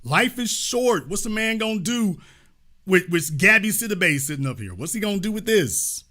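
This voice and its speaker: A man's voice: sits high, big pitch swings, normal speed, bright, forceful tone. A man hosting a call-in show, talking in a mocking, insulting way and repeating his jabs. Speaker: show host. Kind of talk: call-in show arguing with a caller.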